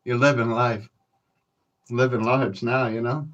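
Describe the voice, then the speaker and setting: A man with a mid-range voice speaks at a measured pace with fairly even intonation; the sound is a bit bright, with the highs cut off. He hosts a podcast, rambling through profane, laid-back stories alone and chuckling as he calls his listeners folks.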